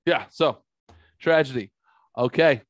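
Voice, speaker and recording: A man's voice: mid-range voice, slow pace, no echo. A middle-aged man from the St. Louis area, hosting a podcast and telling a story in casual, profanity-filled chat. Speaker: podcast host.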